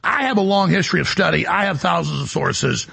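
Raspy gravelly talk host guy, boastful, jumps all over the place, pitch swings a lot. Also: animated, brisk, sharp tone. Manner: emphatic, boastful, jumps between topics. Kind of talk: rambling radio talk show monologue.

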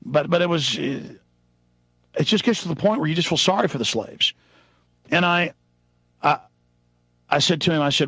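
Man, radio talk host, gravelly rough voice, slightly high, rambling and agitated, dry muffled sound. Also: lively intonation, moderate pace, pauses often, dry recording. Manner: agitated, rambling, bursts of shouting.

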